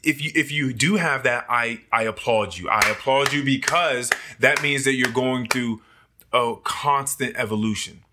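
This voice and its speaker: A man chatting casually on a podcast, lively and self-mocking, often acting out his own past thoughts. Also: mid-range voice, normal speed, heavy background noise. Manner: animated, acts out his own past thoughts in quoted voices, laughs often. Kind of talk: casual chat.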